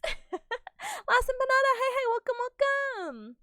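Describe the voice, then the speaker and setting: A woman's voice: very high voice, big pitch swings, normal speed, a bit bright, no room sound, studio quality. A young adult woman streaming, chatting casually and greeting her chat in a bubbly, giggly way.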